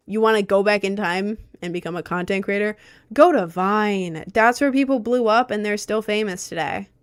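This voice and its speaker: A young woman streamer whose natural voice sits on the low side, chatting casually and reacting aloud to her chat. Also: smooth. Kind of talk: casual livestream chat reading comments.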